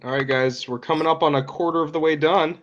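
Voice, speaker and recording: A young man steering a student study group on a call, brisk and lightly wry. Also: on the high side, steady tone. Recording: dull audio with faint noise.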